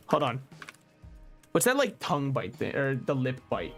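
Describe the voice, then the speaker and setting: Young male streamer, somewhat high voice, animated ranting with quick asides, soft game music under him. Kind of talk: casual gaming stream chat.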